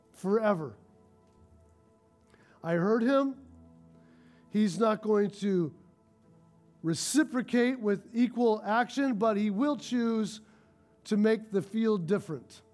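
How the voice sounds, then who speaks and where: A male pastor preaching a sermon, telling stories with animated, rising excitement. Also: high-pitched, slow pace, pauses often, soft background music.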